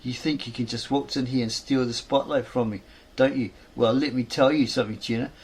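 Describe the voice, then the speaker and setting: A man's voice: medium pitch, fairly even intonation, a little fast, a little mellow, slightly rough. A man reading the lines of a scornful young actress who sneers at her rival. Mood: sneering. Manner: indignant, accusing.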